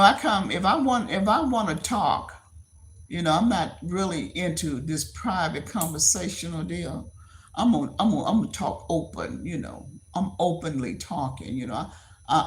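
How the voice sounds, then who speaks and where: A woman in her seventies talking bluntly to viewers on a casual livestream, often repeating herself. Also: lowish voice. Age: 70s. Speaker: livestream host.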